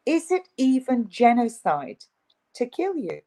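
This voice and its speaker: A woman's voice: mid-range voice, animated, normal speed, poor audio. A woman, a guest in an interview, speaking in an emphatic, insistent, ranting way. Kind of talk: video interview.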